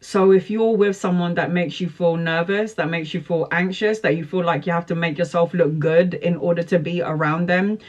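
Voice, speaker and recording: A woman's voice: lowish voice, fairly even intonation, normal speed, few pauses, a little mellow, dull audio. Earnest woman preaching self-love. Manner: earnest, emphatic, motivational, with repeated slogans. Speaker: tarot reader. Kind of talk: live social-media talk answering viewer questions.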